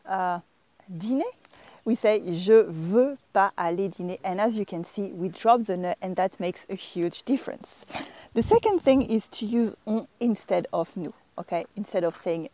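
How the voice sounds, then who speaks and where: A woman's voice: medium pitch, warm tone, dry recording. A woman with a French accent, a native French speaker, teaching an online language lesson and demonstrating phrases with playful intonation.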